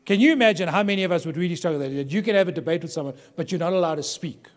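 A man's voice: fairly high pitch, very fast. A man from Durban, South Africa, telling humorous anecdotes to a live audience of pastors and acting out the people he quotes. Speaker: workshop speaker to pastors. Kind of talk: storytelling talk to a live audience. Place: large hall with an audience. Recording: long hall reverb.

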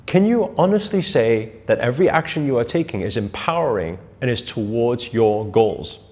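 A man teaching spiritual ideas in an emphatic motivational talk. He asks his listeners question after question and repeats key phrases for emphasis, with his pitch swinging widely around a middle range. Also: animated, moderate pace, a little mellow.

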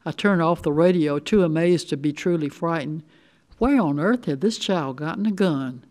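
An older woman reading a short story aloud in the first person, with steady, measured storytelling. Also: low voice. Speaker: resident reader.

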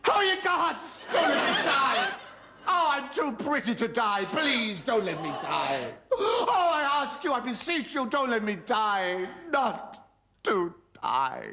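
A man's voice: high voice, sing-song, measured pace, exaggerated voice. An actor playing a cowardly, cheeky male slave in a sitcom, camp and full of asides to the audience, in a noisy old TV studio recording. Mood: mock wailing. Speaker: comic lead slave in a sitcom. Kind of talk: sitcom acting with audience laughter.

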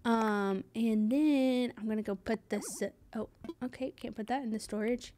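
Young woman streamer, slightly high, chatty and scattered, constant fillers, thanks her chat. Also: steady tone, normal speed, dark tone. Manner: rambling and chatty, trailing off with many fillers; bubbly, reads out and thanks viewers. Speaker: game streamer. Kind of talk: live gameplay stream chatter.

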